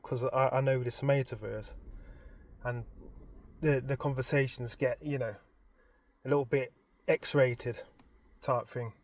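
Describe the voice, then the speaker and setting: A man, casually retelling a story in an animated, expressive way. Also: medium pitch, measured pace, long pauses. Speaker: vlogger.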